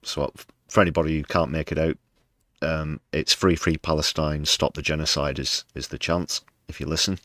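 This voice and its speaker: Guy doing a livestream on the news, super deep voice, sarcastic, keeps saying people. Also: little pitch movement, normal speed, noisy background. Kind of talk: live commentary on news clips.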